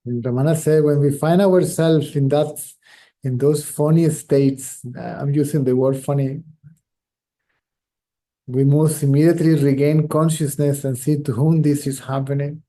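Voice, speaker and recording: A middle-aged man whose first language is Spanish, giving a reflective spiritual talk as a teacher. He speaks slowly and carefully, repeating phrases as he searches for words. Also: on the high side, fairly even intonation, dark tone.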